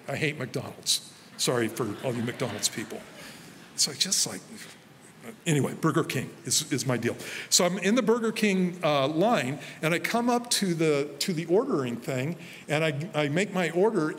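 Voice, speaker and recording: A man preaching a sermon as pastor, telling personal stories in a relaxed conversational way. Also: fairly high pitch. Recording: faint hall reverb with light noise.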